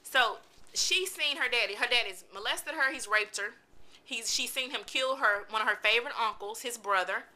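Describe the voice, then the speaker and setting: A woman, giving a chatty, animated book review in a casual vlog. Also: fairly high pitch, moderate pace. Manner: animated, chatty, vents with exclamations.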